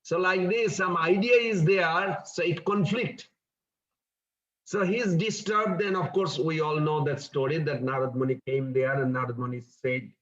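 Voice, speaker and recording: A man's voice: a little high, steady tone, a little slow, a bit bright, dull audio. A man giving a scripture class in an earnest, explanatory storytelling manner. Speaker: scripture teacher.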